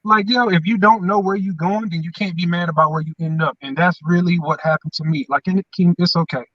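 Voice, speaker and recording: A man's voice: sits high, fairly even intonation, fairly quick, dry recording, far from the mic, muffled recording. A man, co-hosting and talking in an emphatic, repetitive, preacher-like way. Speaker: podcast co-host. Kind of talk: motivational casual chat.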